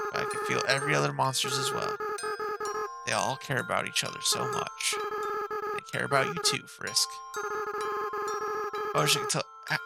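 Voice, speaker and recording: A woman voicing a young goat monster boy from a game, tearful and remorseful, reading the dialogue softly and with feeling. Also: on the low side, gravelly, exaggerated voice. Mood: tender. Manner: soft, emotional reading of on-screen dialogue. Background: loud game music.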